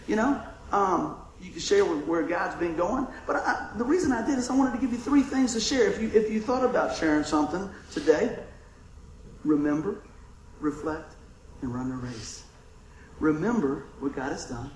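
Folksy preacher, high animated voice. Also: male voice, moderate pace, recorded from a distance, a little hiss or hum. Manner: folksy, animated storyteller who laughs and shouts in bursts. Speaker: pastor. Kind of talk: informal sermon with storytelling. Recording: echoey room with faint ambience.

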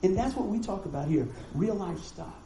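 A pastor with a drawl, talking to his congregation in an easy, folksy way. His voice sits high for a man but sounds warm and mellow. The sermon echoes around a roomy church hall, with a faint murmur of ambience underneath. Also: lively intonation, normal speed, slight background noise. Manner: folksy, conversational preaching with rhetorical questions. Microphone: live stream mic.

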